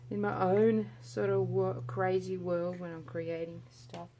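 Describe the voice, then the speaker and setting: A woman's voice: on the low side, moderate pace, hardly any pauses, noisy background. A woman giving a chatty, murmured running commentary while she works on resin art at home, often trailing off mid-thought. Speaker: resin artist. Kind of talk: casual narration while working. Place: indoor home art studio with a window.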